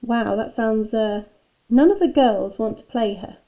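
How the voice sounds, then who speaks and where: A woman's voice: fairly high pitch, unhurried, dark tone. A woman reading aloud as a hesitant, polite schoolboy in a children's storybook. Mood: nervous.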